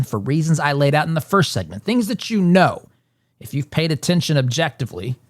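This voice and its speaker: A man's voice: fairly high pitch, no room sound. Emphatic male talk-show host, dry sound. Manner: emphatic, repeats words while building a point. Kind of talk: political commentary monologue.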